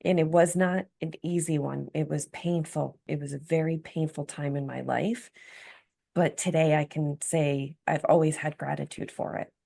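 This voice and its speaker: A woman's voice: sits low, steady tone, moderate pace, gravelly, warm tone. A woman guest, an empowerment coach, telling her personal story of recovery in an earnest, reflective way. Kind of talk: candid personal story in interview.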